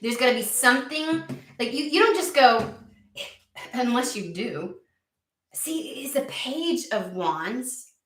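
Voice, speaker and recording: A woman giving a casual tarot reading, excitable and profane, who argues back at the cards she draws. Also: on the high side, takes it slowly, echoey room, distant mic. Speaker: tarot reader.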